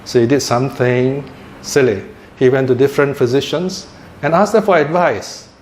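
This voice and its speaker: A man and Buddhist teacher telling a religious story in a talk, with lively chuckling asides. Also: mid-range voice, moderate pace. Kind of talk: sermon-style storytelling talk. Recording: echoey room with faint noise.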